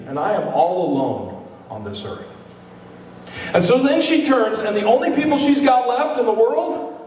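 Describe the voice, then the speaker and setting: A man's voice: high-pitched, darkish tone. Guy preaching, casual and jokey, lots of room echo, faint hiss behind. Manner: conversational, joking asides to the congregation. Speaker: pastor. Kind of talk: sermon. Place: church sanctuary. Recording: echoey hall, mic at a distance.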